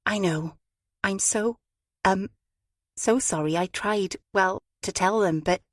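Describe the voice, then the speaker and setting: A woman reader voicing a nervous, apologetic young woman who speaks in halting, hesitant bits. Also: mid-range voice, steady tone, no room sound, clean studio sound.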